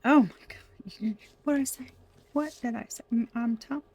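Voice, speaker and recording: A woman doing a casual tarot reading for viewers, chatty and quick to laugh. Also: on the high side, a little mellow, breathy edge. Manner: chatty, laughing often, addresses viewers as y'all. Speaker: tarot reader.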